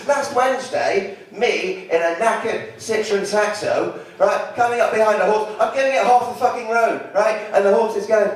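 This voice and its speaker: A man's voice: high-pitched, normal speed, heavy reverb. A man doing stand-up comedy in a comedy club, wry and rambling, recorded from a distant mic with audience laughter.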